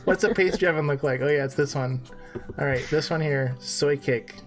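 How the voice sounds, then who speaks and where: A man's voice: a little high, moderate pace, over music. Joking man chatting over a farm game. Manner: joking, self-deprecating, laughs at himself. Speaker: live stream co-host. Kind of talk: casual gameplay live stream chat.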